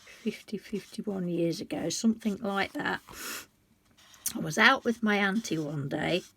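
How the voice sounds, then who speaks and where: This sixty-something colouring book vlogger speaks unhurriedly in a mid-range voice that is creaky, pushed and bright, and slightly rough. She tells heartfelt, confiding stories to her viewers, rambling and restarting as she goes.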